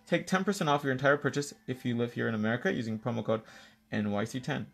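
A man with a gravelly, creaky voice runs a live-stream nail tutorial. He talks through each step in a playful, bantering way and tosses in Spanish greetings. His pitch sits in the middle of the male range. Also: quick pace, a bit bright.

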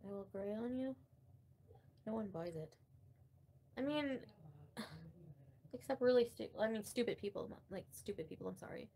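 A woman's voice: medium pitch, moderate pace, long pauses, dark tone, slight background noise. A woman hosting a casual livestream and commenting on online drama, blunt and profane, with frequent laughter.

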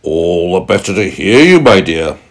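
A man's voice: deep voice, big pitch swings, moderate pace. A man voicing a sly, hungry male wolf in a bedtime storybook, speaking in a smug, scheming way. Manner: smug, tricky storybook villain.

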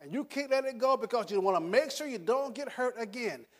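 Older guy giving a pep talk, highish voice, punchy and repetitive, chuckles a lot. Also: expressive, a little fast. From United States. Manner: emphatic, repeats words, chuckles through stories. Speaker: motivational speaker. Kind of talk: motivational talk to an audience.

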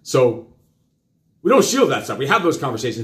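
A middle-aged man hosting a live talk show, lecturing his child in a fast, rambling way full of questions. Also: medium pitch, sing-song. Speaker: host. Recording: roomy echo.

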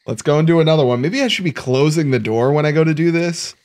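A man's voice: a little high, quick pace, a little mellow. A young man giving casual, joking let's-play commentary, talking to himself with sudden startled outbursts. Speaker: gaming YouTuber.

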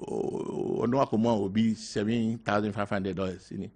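Older man, Ghanaian accent, halting speech, mixes local words, talk show guest. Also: fairly low pitch, steady tone. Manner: halting, mixing in local words, growing loud when telling a story. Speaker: guest party member. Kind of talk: casual talk show interview.

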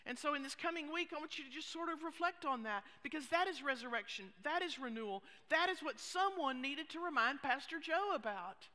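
A woman pastor preaching a sermon, expressive, with hushed asides. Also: high-pitched, fairly quick, few pauses. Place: church sanctuary. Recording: long reverb of a church hall.

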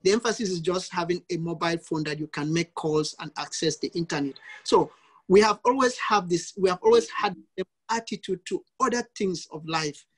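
A man's voice: high voice, a little fast, breathy edge. A male priest giving a teaching talk in an online session, emphatic and fond of repeated lists of examples.

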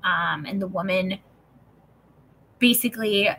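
A woman's voice: mid-range voice, a little slow, sharp tone, breathy edge. A woman in her thirties telling a personal story in a chatty way, full of "like", swearing and acted-out quotes, then reading from a book. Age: 30s. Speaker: host reading and discussing a self-help book.

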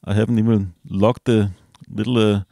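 A man casually reviewing a small gadget as he unboxes it, relaxed and hesitant, with fillers and self-corrections. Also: lowish voice, moderate pace, creaky, no echo, studio quality. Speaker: product reviewer.

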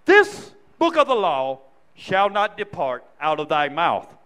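A man reading scripture aloud during a church service, slow and measured through the archaic verse. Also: a little high, wildly swooping pitch, fairly bright tone, clear, resonant tone.

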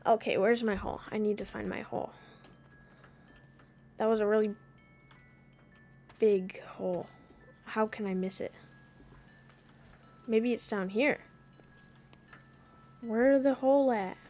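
A woman streaming a video game, chatting casually as she plays, swearing freely and now and then breaking into loud panicked yelling. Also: mid-range voice, fairly even intonation, slow pace, long pauses, soft background music. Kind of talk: casual gaming commentary.

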